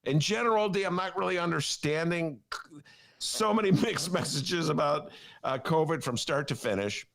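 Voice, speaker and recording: A man co-hosting a podcast in casual chat, rambling and animated, laughing often. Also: on the high side, normal speed, creaky. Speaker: podcast co-host.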